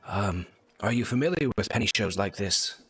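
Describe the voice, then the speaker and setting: A man's voice: fairly low pitch, lively intonation, normal speed, fairly bright tone, husky, full character voice. A man voicing a naive, easily confused scholar who talks hesitantly and politely. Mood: puzzled.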